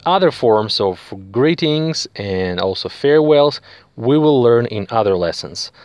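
Male language teacher, unhurried and patient, filler-heavy, dry close sound. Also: medium pitch, lively intonation, darkish tone, smooth, no echo. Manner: slow, patient explaining with many fillers and check-ins. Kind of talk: spoken language lesson.

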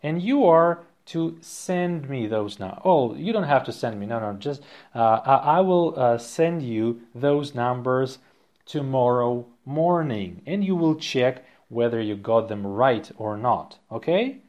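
A man teaching a podcast language lesson, slowly and patiently dictating items and repeating each one twice. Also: mid-range voice, expressive, a little mellow. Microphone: podcast microphone.

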